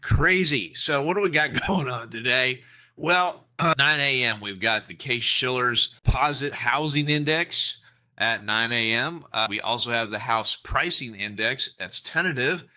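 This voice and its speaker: A man's voice: mid-range voice, measured pace, bright, forceful tone. A man hosting a casual morning market briefing, ranting in exasperation before settling into matter-of-fact notes. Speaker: trading coach, show host.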